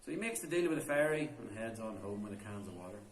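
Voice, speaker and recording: A man's voice: lowish voice, sing-song, fast. A man telling a folk tale in a chatty, unscripted way, inside a stone cave tomb. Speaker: storyteller. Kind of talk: oral folk storytelling. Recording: roomy cave echo.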